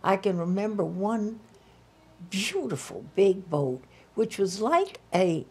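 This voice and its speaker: Slow, gravelly older woman reminiscing. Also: mid-range voice, sing-song, darkish tone. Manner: slow, halting recollection. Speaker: interviewee. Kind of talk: reminiscing in an interview.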